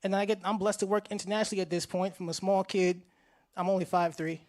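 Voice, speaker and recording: A man from Hartford, Connecticut, a farmer telling his life story live on stage in an animated, slangy way, speaking straight to the audience. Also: high-pitched, fast talker. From Hartford, Connecticut, USA.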